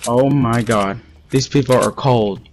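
A young man plays a shooter game, barking urgent, bossy callouts to his teammates and shushing them. His mid-range voice moves a little slowly, with slight background noise behind it.

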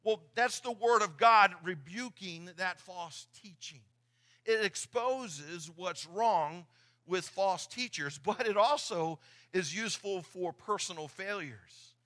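A man's voice: high voice, slow, sharp tone. A middle-aged man preaching a sermon in church, earnest and often repeating his words as he talks. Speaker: pastor. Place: church sanctuary.

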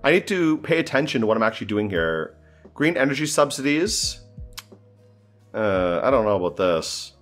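A man's voice: lowish voice, big pitch swings, normal speed, a bit bright, faint music behind. A man thinking aloud as he plays a strategy game, often exasperated and swearing. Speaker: gameplay commentator. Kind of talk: casual gameplay commentary.

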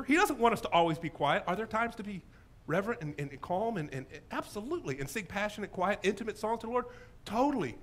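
A man delivers a sermon as pastor, his voice sitting fairly high and leaping all over the place. He is enthusiastic and full of jokes, swinging between big exclamations and softer asides. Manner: animated, humorous, enthusiastic.

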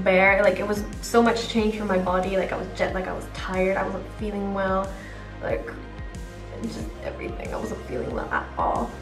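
Chatty young woman in an echoey room. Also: medium pitch. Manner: rambling, filler-heavy "like" and "um". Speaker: vlogger. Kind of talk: chatty get-ready-with-me vlog. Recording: roomy echo, distant mic, faint music.

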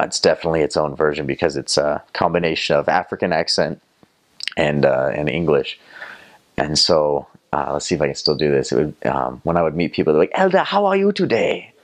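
A young man from North Carolina with a Southern American accent. His voice sits very low, and he tells his story loosely, with plenty of fillers and false starts. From North Carolina, USA. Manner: rambling, many fillers and restarts. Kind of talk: casual storytelling.

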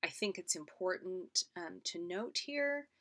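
A woman teacher giving a recorded lecture, explaining step by step and often checking in with "right?", sometimes dropping to a soft, airy voice. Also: lowish voice, animated, unhurried. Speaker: literature teacher.

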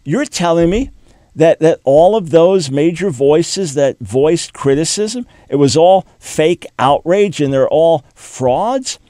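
A man's voice: a little high, sing-song, moderate pace, a little mellow, no room sound. Earnest male talk-radio commentator, dry. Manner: earnest, addresses the absent subject directly with many repeated words. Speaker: radio talk show host. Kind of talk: commentary monologue.

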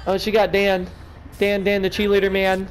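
A man's voice: high voice, monotone, moderate pace, slight background noise, poor audio. A drunk man giving rambling, taunting commentary on his own gameplay. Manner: taunting, rambling, talks to the game. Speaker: gamer streaming his play.

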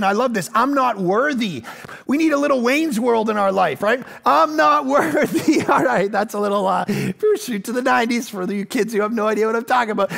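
A man in his forties preaches with a high voice and a gravelly edge. He tells stories in a loose, self-deprecating way and acts out the people in them. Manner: animated storytelling that acts out quoted voices. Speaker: pastor. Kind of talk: sermon.

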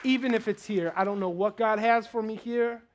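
A man preaching in a church, telling his story with animated swings from loud to low and quiet prayer. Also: normal speed, background noise. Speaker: guest preacher. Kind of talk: sermon testimony. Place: church sanctuary.

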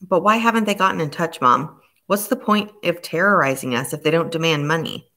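A woman voicing a shrill, anxious teenage girl. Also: expressive, a little fast, sharp tone. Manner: pleading, then shrill and insistent.

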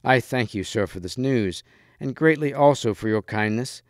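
A man's voice: medium pitch, normal speed, no echo, clean studio sound, close to an everyday voice. A man reading the part of a courteous young knight who speaks in earnest, formal old-fashioned phrasing. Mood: earnest courtesy.

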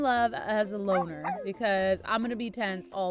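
A woman's voice: medium pitch, moderate pace, hardly any pauses, faint music behind. A young woman hosting a casual let's-play, chatty and playful, scolding the pets in her game. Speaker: gaming channel host.

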